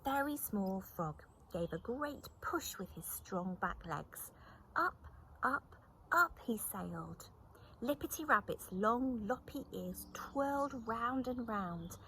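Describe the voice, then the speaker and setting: Lady reading a kids' story slow, lots of ups and downs, soft whispers, faint hiss. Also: fairly high pitch, rough recording. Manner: animated, expressive, drops to whispers. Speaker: children's storyteller.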